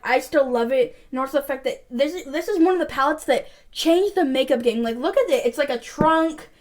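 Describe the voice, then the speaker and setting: A young woman vlogger chatting casually through a makeup review, rambling with lots of fillers. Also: high-pitched. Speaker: beauty vlogger.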